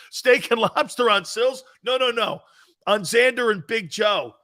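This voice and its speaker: Male sports show host, unhurried, loud and jokey, laughs a lot. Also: high-pitched. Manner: joking, loud, laughs often, calls out chat names. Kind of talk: casual live-stream chat reading viewer comments.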